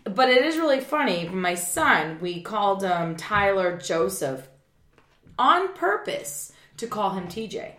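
A middle-aged woman co-hosting a podcast, chatting casually and loudly mimicking people in her stories. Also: medium pitch, unhurried. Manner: animated, swings up loud when mimicking people. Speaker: podcast co-host. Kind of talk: casual chat. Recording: echoey room.

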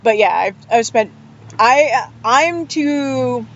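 A woman chatting casually as a podcast guest, telling animated stories and acting out what others said. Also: a little high, slow. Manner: animated storyteller, acts out quotes. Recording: dull lo-fi audio.

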